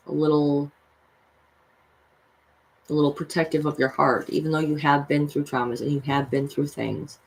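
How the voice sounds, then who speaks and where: A woman with a low, gravelly, darkish voice reads tarot cards for her viewers during a casual livestream. The tarot reader and vlogger, a mother of six, speaks to them directly and earnestly, swearing freely when she gets worked up.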